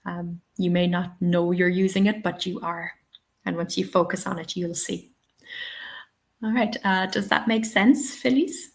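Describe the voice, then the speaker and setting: A woman's voice: fairly low pitch, steady tone, a little slow, vocal fry. A woman hosting a live webinar, patiently answering questions and giving spoken examples. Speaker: English teaching trainer.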